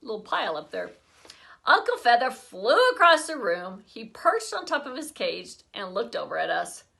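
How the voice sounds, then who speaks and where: A woman's voice: on the high side, very animated, normal speed, gravelly, bright, forceful tone. A woman teacher reading a children's chapter book aloud expressively, breaking off for chatty asides to her class.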